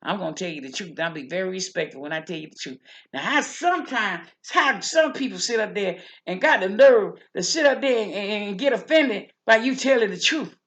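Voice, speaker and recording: A woman's voice: medium pitch, expressive, brisk, a bit bright. Lady doing a chatty old church lady, folksy and preachy, keeps repeating herself. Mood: folksy preaching. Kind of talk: character monologue.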